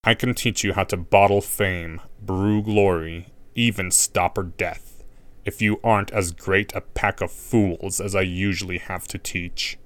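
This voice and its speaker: A man reading a story aloud, voicing a cold, menacing male potions professor who speaks low, slow and silky. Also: fairly even intonation, fairly bright tone, dry recording.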